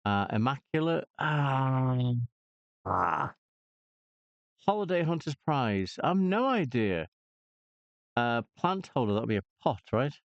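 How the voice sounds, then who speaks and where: This man hosts a casual games channel, murmuring clues and moves to himself slowly and hesitantly, pausing often. His creaky mid-range voice swings widely in pitch. The recording is dull and lo-fi without room sound.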